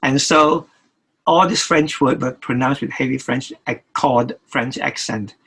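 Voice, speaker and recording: Over poor audio, an older male record producer gives an interview, his medium-pitched voice gravelly, husky and fairly bright. He halts frequently, restarting sentences and repeating himself.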